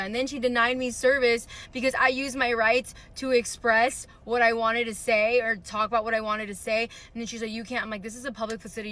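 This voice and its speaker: Indignant woman ranting with bright tone. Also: fairly high pitch. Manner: indignant, rambling, lots of "like". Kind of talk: casual storytime rant.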